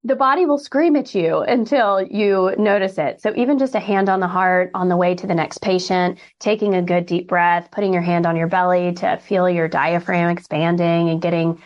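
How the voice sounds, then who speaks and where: A woman speech-language pathologist in a casual conversation, talking in an animated way and acting out what she and others say. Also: on the low side, moderate pace, hardly any pauses. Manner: animated, acts out quoted speech. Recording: dull lo-fi sound.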